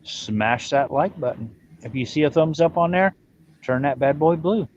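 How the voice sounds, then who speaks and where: A man's voice: fairly high pitch, animated, moderate pace, a little mellow, dull audio, a little hiss or hum. A man from Ireland hosting a casual livestream chat, blunt and self-mocking in how he talks. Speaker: livestream host.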